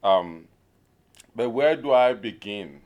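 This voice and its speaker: A man from Nigeria giving an informal conference talk, pausing often to search for words, with a humorous touch. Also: medium pitch, lively intonation, phone-quality sound. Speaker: conference speaker.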